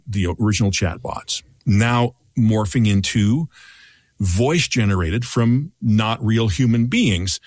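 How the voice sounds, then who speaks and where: A man's voice: on the low side, no echo. A male podcast host in casual chat, reflective and thinking his points through aloud. He sits close to the mic, and the sound is dry.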